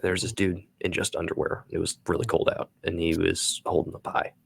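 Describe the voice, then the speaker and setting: A man with a very deep voice, chatting casually on a live stream. His tone is gravelly and husky. He mostly reacts in a low-key way. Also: flat delivery, a little fast.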